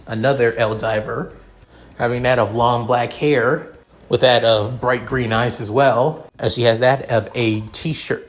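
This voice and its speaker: A man narrating his own fan fiction in a rambling style, with frequent restarts and fillers. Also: mid-range voice. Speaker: story reader.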